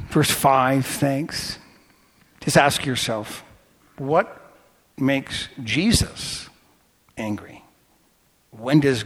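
Animated male pastor in a reverberant hall. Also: medium pitch, husky. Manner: animated storytelling, swings from quiet to loud. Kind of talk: sermon.

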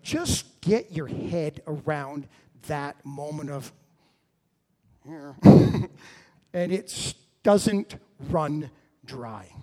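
Animated man preaching a sermon. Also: fairly high pitch. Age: middle-aged. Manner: animated storytelling, swings from loud to hushed.

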